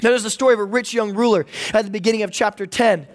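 A pastor preaching a sermon, animated and humorous, with comic asides to the congregation. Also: medium pitch, quick pace.

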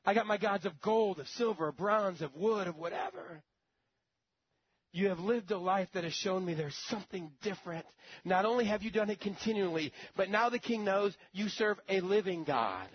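A man preaches a sermon, retelling a story dramatically and turning often to address his listeners directly. His voice sits high for a man. The recording sounds dull and lo-fi. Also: breathy edge, no echo. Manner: storytelling, dramatic, conversational asides to the congregation.

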